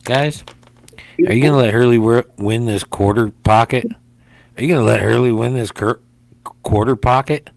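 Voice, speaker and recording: A man's voice: mid-range voice, moderate pace, creaky, pauses often, no room sound. A man hosting a casual livestream game, rambling and jokey and often repeating himself. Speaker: livestream host.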